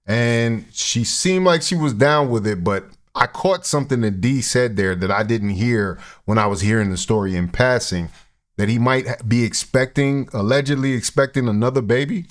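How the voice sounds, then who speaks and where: A man hosting a commentary channel, reacting to a podcast clip in a relaxed way, laughing often and thinking aloud. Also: mid-range voice, normal speed.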